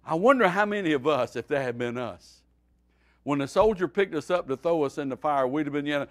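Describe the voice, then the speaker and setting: A pastor teaching a midweek Bible study, his voice sitting a little high for a man. He preaches in a folksy, animated way, pushing loud on his points and dropping to a near murmur between them. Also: fairly quick. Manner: folksy, animated preaching with wide swings in loudness.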